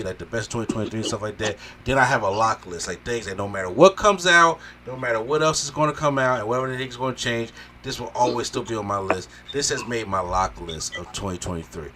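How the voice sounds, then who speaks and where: A man hosting a casual movie review podcast, talking excitedly and swearing as he acts out scenes. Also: mid-range voice, a little hiss or hum. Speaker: podcast host.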